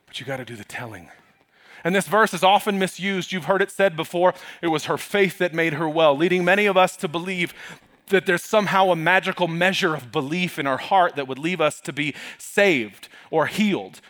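A male pastor preaching a sermon in a church, telling the story dramatically and swinging from hushed to loud. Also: high-pitched, brisk.

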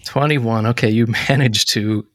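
Low-voiced man running a tabletop game. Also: a little slow, no echo, studio quality. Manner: relaxed, hesitant, lots of fillers. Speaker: game master.

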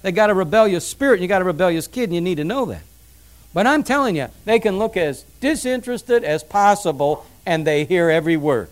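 Animated middle-aged male preacher. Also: high voice. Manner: emphatic, repeats points, tells family stories. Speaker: pastor. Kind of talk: sermon on parenting.

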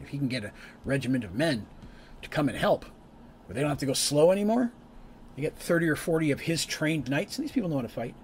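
A man's voice: mid-range voice, slight background noise. Chatty man recapping a tabletop campaign. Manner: rambling, chatty, with asides and restarts. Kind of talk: casual story recap.

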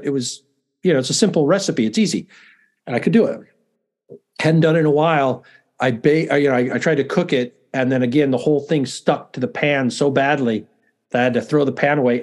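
A man's voice: medium pitch, fairly even intonation, fairly quick, a little mellow. A middle-aged man, a university dean, chatting as a guest in a casual interview, self-deprecating and often restarting his sentences.

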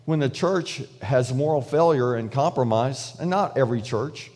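A man's voice: mid-range voice, normal speed, darkish tone, in a large hall. A man preaching a sermon in a loose, conversational way, with frequent restarts and fillers, acting out prayers in paraphrase. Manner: acts out prayers and God's replies in paraphrase. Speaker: pastor.

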